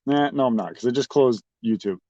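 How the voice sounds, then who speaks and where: A man's voice: mid-range voice, a little fast, darkish tone, no echo. A man talking casually to his livestream chat, rambling and mocking with lots of swearing. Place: at a restaurant. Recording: dry, slightly dull audio.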